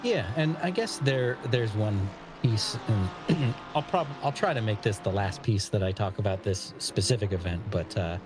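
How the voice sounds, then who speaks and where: A man's voice: on the low side, normal speed, over music. An American man co-commentating on a live sim racing stream, laid-back and analytical, laughing often. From United States.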